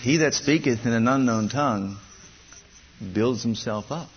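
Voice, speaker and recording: A man's voice: medium pitch, a little slow. A male pastor preaching a sermon, emphatic and repeating his points. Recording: dull lo-fi recording.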